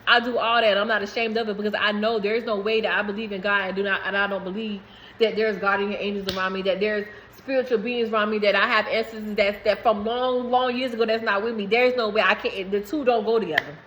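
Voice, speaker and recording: A woman's voice: mid-range voice, fairly even intonation, fast, fairly bright tone, low-quality recording. Woman, spiritual reader, emphatic and rambling, faint background noise. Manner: emphatic, rambling, swears freely. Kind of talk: casual spiritual message to viewers.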